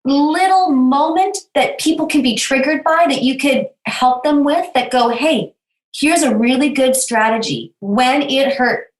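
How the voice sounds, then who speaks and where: A woman podcast host with a fairly high voice who speaks very slowly. She affirms her guest's answers and asks long, searching questions. Her voice carries a roomy echo. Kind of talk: interview.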